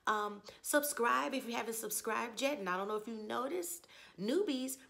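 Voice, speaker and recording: A woman with a hoarse voice from losing it, hosting a chatty, opinionated TV episode review with rhetorical questions. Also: a little high, animated, moderate pace, a bit bright. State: hoarse, lost her voice. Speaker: TV review channel host. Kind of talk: casual spoken TV episode review.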